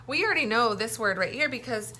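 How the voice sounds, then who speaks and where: A woman teaches young children to read, talking slowly and clearly with a bright, lively pitch. She keeps prompting them to say the words back to her. A faint hum of noise sits behind her voice. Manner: slow, clear, encouraging teacher talk with call-and-response prompts. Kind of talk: early-reading phonics lesson.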